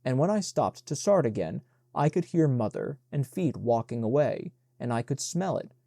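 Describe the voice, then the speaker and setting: Guy reading an audiobook, steady measured pace, warm low tone, dry sound. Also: gravelly, no echo. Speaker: audiobook narrator. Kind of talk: audiobook narration.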